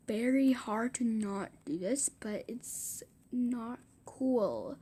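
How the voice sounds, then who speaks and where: A woman with a fairly high voice narrates a casual storytime at an unhurried, slow pace. She rambles and circles back over the same words, restarting her sentences. Now and then she drops into a whispered aside. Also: lively intonation, mellow, slightly rough.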